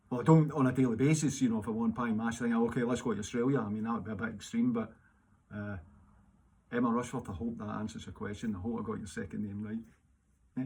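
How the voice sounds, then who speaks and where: Chatty Glaswegian man, husky voice. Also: on the low side, a little mellow. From Scotland. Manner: rambling, chatty, with many fillers and restarts. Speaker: singer answering fan questions. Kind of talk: casual solo Q&A video. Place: home during lockdown.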